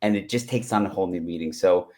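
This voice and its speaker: A man's voice: low voice, fast, darkish tone. A man, a writer, talking eagerly in an interview, rambling with many restarts. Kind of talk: interview conversation.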